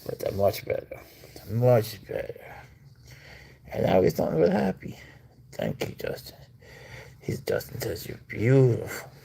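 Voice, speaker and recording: A man with a low, heavily gravelly and husky voice, talking casually on a livestream at home. He keeps up a loose, chatty flow, cooing to his cat and reading out viewer comments between stretches of talk. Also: huge pitch swings, a little slow, long pauses, mellow.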